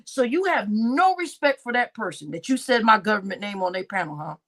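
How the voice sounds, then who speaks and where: High-pitched angry woman ranting. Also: expressive, a little fast, a bit bright. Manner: angry, profane, repeats herself. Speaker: livestream host. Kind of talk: heated livestream rant.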